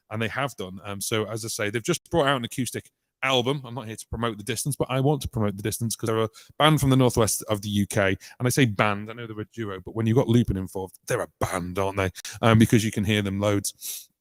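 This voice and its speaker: A man's voice: on the low side, dry recording. A British man hosting a casual live-stream tutorial on looping, talking in a chatty, rambling way with many ums and restarts. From United Kingdom. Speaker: loop musician and channel host. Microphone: vocal mic through a vocal effects unit.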